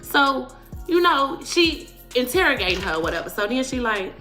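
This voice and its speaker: A woman's voice: high voice, sing-song, moderate pace, pushed and bright, soft background music. Slangy woman telling a story. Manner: casual slangy storytelling, dismissive. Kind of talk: storytelling in a video.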